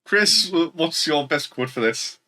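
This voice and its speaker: Northern english podcast guy, bright tense voice, jokey, asks the questions. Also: on the high side, lively intonation, a little slow. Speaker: podcast co-host. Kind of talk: casual chat.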